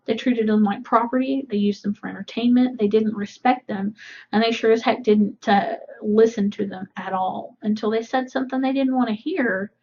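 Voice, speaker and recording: A woman reads a novel aloud for her class and stops now and then to explain it in casual asides. Her voice sits fairly high. The recording is dull and lo-fi. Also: steady tone, normal speed, darkish tone. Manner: casual asides between readings. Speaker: teacher. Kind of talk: reading a novel aloud with commentary.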